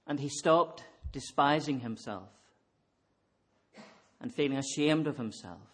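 A man preaching a sermon in a measured, earnest way, leaning on repeated refrains. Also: medium pitch, husky.

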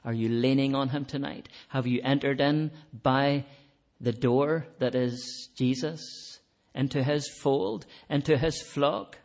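Slow-spoken male preacher. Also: mid-range voice, fairly even intonation. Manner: earnest, rising to emphatic peaks then dropping soft. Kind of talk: sermon.

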